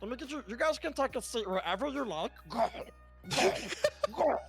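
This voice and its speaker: A man voicing a creepy Smeagol-style male restaurant server in an improvised comic impression, with a high, strained creature voice. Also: lively intonation, moderate pace, gravelly, over music, full character voice. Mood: wheedling.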